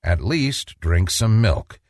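A man's voice: low voice, animated, takes it slowly, no room sound, studio quality, pitched below the performer's own voice, full character voice. A man voicing a patient mother pleading with her picky son, in a sing-song storybook manner. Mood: coaxing.

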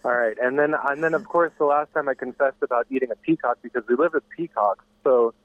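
A man's voice: medium pitch, fast, no room sound. Stammering man on a tinny phone line. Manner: rambling, stumbling, repeats words. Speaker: caller to a radio show. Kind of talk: casual phone-in chat.

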